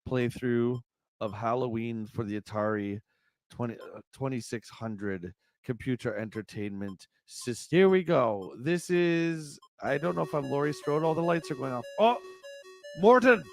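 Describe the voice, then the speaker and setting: A man hosting a retro gaming livestream and narrating a playthrough, excitable and yelping as he plays. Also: medium pitch, unhurried, gravelly, no room sound, faint music behind. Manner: excitable, yelps and shrieks while gaming. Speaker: livestream host.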